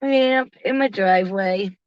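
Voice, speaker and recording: A livestream host in her forties chats casually with viewers from her parked car, laughing often and becoming animated when she quotes people. Her voice is medium-pitched and measured, the audio dull but free of echo.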